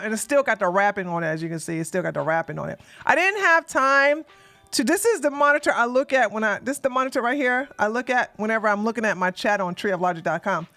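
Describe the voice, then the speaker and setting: Over faint background music, a woman's slightly high, animated voice comes quickly, pushed and bright. As a casual livestream host, she rambles and gets flustered fixing her setup while bluntly and sassily addressing her chat, with mild swearing.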